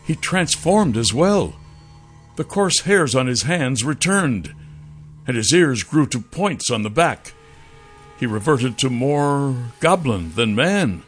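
A man narrating a first-person fantasy audiobook with a dramatic, expressive reading. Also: mid-range voice, slow pace, a little hiss or hum.

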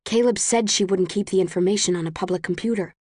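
A woman reads a first-person audiobook in a measured, tense storytelling manner. Her voice sits at an everyday middle pitch, and the recording is dry and close, with no room sound. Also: a little mellow, slightly rough, no echo. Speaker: audiobook narrator.

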